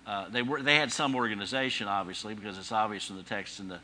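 A man preaching through a passage of Scripture with a very bright, sharp tone. He speaks conversationally, repeats his key phrases for emphasis and slips in dry humor as a pastor teaching his flock. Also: on the low side, fairly even intonation, quick pace, a little hiss or hum, rough recording. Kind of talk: expository Bible teaching.

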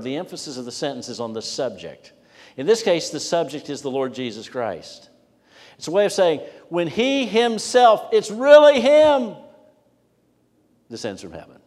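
A man's voice: medium pitch, a little mellow. A man preaching from the pulpit with a mid-range voice. He builds emphasis on key phrases, then drops almost to a whisper for reflective asides. His voice rings out with a long reverb through a large church sanctuary. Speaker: pastor. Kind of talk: sermon.

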